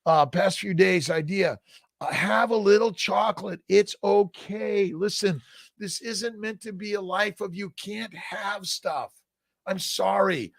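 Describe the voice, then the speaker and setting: A man's voice: high-pitched, a little slow, gravelly, dry recording, studio quality. An older man hosting a casual live-stream Q&A, reading viewer comments aloud and answering them in an upbeat, encouraging, folksy way, often tagging on "right?". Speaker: host answering viewer questions.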